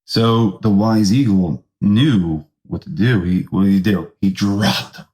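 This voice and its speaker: A comedian hosting his own podcast, unspooling a silly tall tale in a slow, unhurried delivery. His pitch swings widely from line to line as he lurches between deadpan narration and put-on voices. He sits in the middle range for a man. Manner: rambling, deadpan tall tale with sudden voice jumps. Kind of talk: comedic storytelling monologue.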